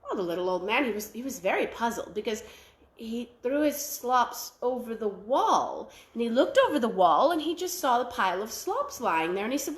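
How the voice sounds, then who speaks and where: A woman telling a traditional folktale aloud at a library, animated and full of sound effects. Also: on the high side, moderate pace, echoey room. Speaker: library storyteller.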